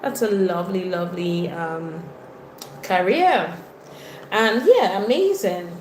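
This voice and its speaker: A woman's voice: on the low side, slow pace, roomy sound, a little hiss or hum. A woman from Nigeria with a Nigerian accent, hosting a casual livestream, greeting viewers by name and reading their comments. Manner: chatty, greets viewers by name, lively exclamations. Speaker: livestream host.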